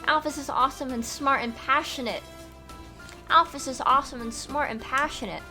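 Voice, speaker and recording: A woman voicing a brash, loud female fish warrior who teases people and calls them punk, with music underneath. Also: on the high side, animated, a little fast. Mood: shouting. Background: background music.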